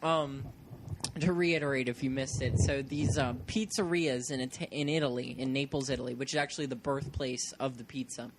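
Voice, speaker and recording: A woman's voice: extremely low pitch, steady tone, a little fast. A woman co-hosting a casual podcast, relaying a news story with many fillers and giggles. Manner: giggly, hesitant, lots of fillers. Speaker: podcast co-host. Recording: noisy amateur recording.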